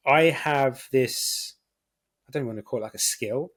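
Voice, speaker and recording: Male guest; earnest explainer who slows down for emphasis. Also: medium pitch, slightly rough. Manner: earnest explainer, slows to stress key words. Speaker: guest health consultant. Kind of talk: casual interview chat.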